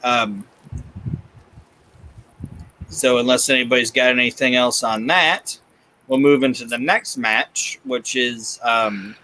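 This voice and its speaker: Male podcast co-host, bright tone, loose chatty delivery. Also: mid-range voice, steady tone, slow, pauses often, low-quality recording. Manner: swears freely, laughs often. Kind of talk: casual chat recapping wrestling.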